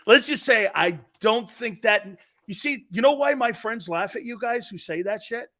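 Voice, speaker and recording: A middle-aged man hosting a sports talk show, telling stories in a loose, animated way and acting out the voices of the people he quotes. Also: very high-pitched, a little slow. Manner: animated storyteller, acts out quoted voices, laughs often. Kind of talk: casual storytelling monologue.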